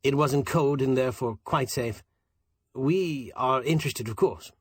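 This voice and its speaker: A man's voice: mid-range voice, normal speed, husky, no room sound, clean studio sound, close to an everyday voice. A man voicing a tall, grim insurance representative who speaks in a composed way.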